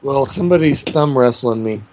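A man making a prank phone call, rambling and crude in a deadpan way. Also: mid-range voice, normal speed, dry recording. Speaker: prank caller.

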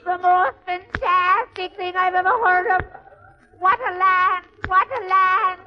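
A giddy Irish immigrant, shrill and amazed. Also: male voice, steady tone. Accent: put-on Irish. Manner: shrill, wide-eyed marveling, drawn-out exclamations. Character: giddy Irish immigrant man, newly arrived. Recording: lo-fi old radio recording, faint hiss.

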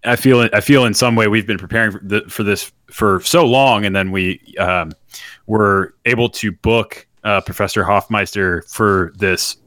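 A man's voice: on the low side, steady tone, moderate pace, a bit bright, no room sound, studio quality. A man co-hosting an improvised comedy podcast, rambling in a mock-earnest way. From Texas. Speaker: podcast co-host.

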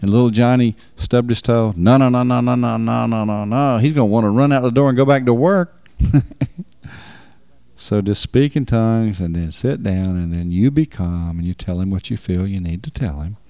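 Gravelly-voiced man preaching folksy marriage advice. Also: on the low side, moderate pace, dark tone, dry recording. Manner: folksy, emphatic, repeats words for stress. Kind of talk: sermon.

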